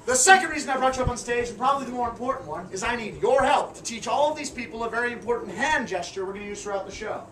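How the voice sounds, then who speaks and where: Loud teasing showman, high voice. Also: lively intonation, very fast, hardly any pauses. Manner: loud, teasing, crude jokes with bursts of shouting. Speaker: fire performer and street-show comedian. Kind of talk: live comedic stage patter to a crowd. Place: outdoor stage at a Renaissance fair. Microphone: camera far from the stage. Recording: distant, echoey, noisy amateur video.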